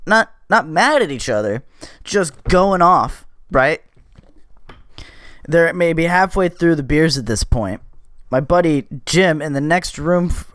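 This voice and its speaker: A man hosting a podcast, telling a story in a casual, animated way, swearing freely and getting louder as it builds. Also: on the high side, no echo, studio quality. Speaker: podcast host.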